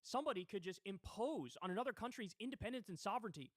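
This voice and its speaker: A man's voice: high voice, animated, fast, no echo, clean studio sound. A man hosting a political commentary livestream, talking in a heated, indignant way with swearing. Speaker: livestream host.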